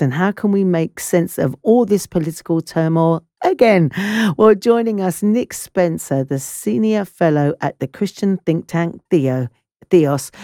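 A woman's voice: on the low side, dark tone, no echo, clean studio sound. A woman hosting a live talk radio news discussion, conversational and asking probing questions. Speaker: radio show host.

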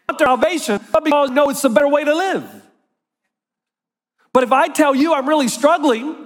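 High-voiced pastor preaching in a reverberant hall. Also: male voice. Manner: animated preaching, acts out quoted voices. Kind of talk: sermon.

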